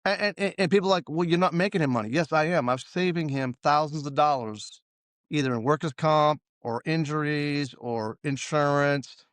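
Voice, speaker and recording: A man's voice: on the high side, moderate pace, fairly bright tone, no echo. Man telling work stories, dry sound. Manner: storytelling, acts out quoted dialogue. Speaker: safety consultant, guest. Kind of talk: casual interview talk.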